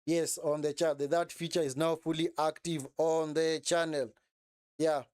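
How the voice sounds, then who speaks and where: Guy hosting a live football watchalong, fairly high voice, keeps repeating stuff and says man a lot, smooth and dry sound. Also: normal speed, no room sound. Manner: animated, repeats phrases, says "man" often. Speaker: watch-along streamer. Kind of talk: live match reaction commentary.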